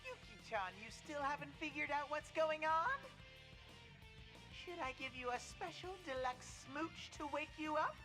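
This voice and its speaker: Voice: high-pitched, lively intonation, unhurried, over music. An actor voicing a teasing, pushy male bear mascot creature in a video game, theatrical and bossy. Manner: playful then bossy, theatrical. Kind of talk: game voice acting.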